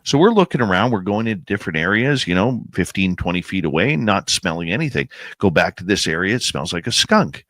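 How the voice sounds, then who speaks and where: A man telling a suspenseful outdoor experience as a guest on a podcast, animated and pausing to build suspense. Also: sits low, no echo. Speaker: guest, paranormal researcher and radio host. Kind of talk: casual storytelling in a podcast interview.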